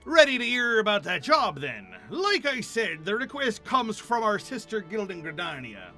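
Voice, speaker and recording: A man voicing a hearty, rough-spoken middle-aged guildmaster with a put-on rough working-class English accent, gruff and salty. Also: sits high, sing-song, moderate pace, bright, forceful tone, soft background music, pitched above the performer's own voice, heavily acted. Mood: brisk, friendly. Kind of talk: game dialogue read aloud in voices.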